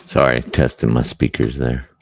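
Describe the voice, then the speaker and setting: A man's voice: a bass voice, little pitch movement, normal speed, slight background noise. A man hosting a casual livestream from a room at home. He talks in a distracted, apologetic way while he fixes his audio setup. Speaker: livestream host.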